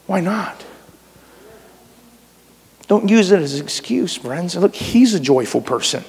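A man preaching a sermon as pastor, animated and conversational, swinging between loud and soft delivery. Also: sits high, measured pace, pauses often, breathy edge. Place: church sanctuary. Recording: reverberant church hall.

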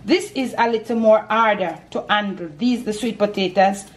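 A woman's voice: medium pitch, moderate pace. An older woman with a Jamaican accent hosts a home cooking demonstration, chatty and homely, explaining each step as she works in her kitchen. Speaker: cooking show host.

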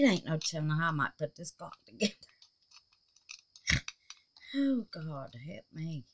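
A woman's voice: deep voice, animated, unhurried, long pauses, a bit bright, a little hiss or hum. A woman chatting folksily while assembling a resin clock at home, tired and huffing, with frequent exclamations and laughs. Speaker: resin craft vlogger. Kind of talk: casual crafting chat.

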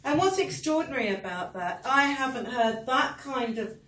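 A woman's voice: high-pitched, lively intonation, moderate pace, a bit bright. Earnest woman speaking in an echoey hall. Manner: earnest and building, with wry asides. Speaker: public speaker. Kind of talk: speech at a political meeting. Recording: echoey hall, mic from far off, faint noise.

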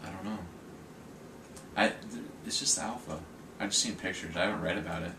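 Very deep-voiced young man joking about a game. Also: steady tone, fairly quick, recorded from a distance, noisy background. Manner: joking, laid-back gamer chat. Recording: echoey room.

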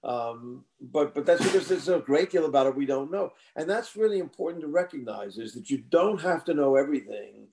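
A man's voice: a little high, expressive, a little fast, creaky, few pauses, noisy background. An older man answering interview questions about his book in a thoughtful, conversational way, often restarting and repeating words as he thinks. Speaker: author guest.

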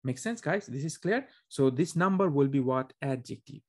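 A man's voice: medium pitch, lively intonation, normal speed. A man teaching a beginner Arabic class, explaining conversationally and checking understanding with frequent questions to students. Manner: frequent restarts and fillers, conversational. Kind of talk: classroom lecture.

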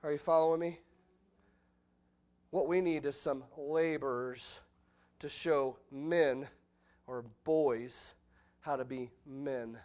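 Animated preacher, higher-voiced man. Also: takes it slowly, long pauses. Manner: animated preaching, voice jumps high and loud when acting out quotes. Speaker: pastor. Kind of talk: expository sermon. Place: church sanctuary.

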